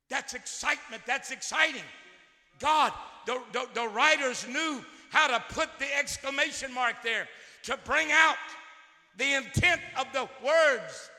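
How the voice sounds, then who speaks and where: A man preaches in a very high, piercing, sharp voice. Long reverb trails off each phrase in a big hall. He drops to near-murmurs, then bursts into shouts, and he repeats words as he goes. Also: a little slow. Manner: swings from quiet musing to shouted outbursts. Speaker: pastor. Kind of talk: sermon.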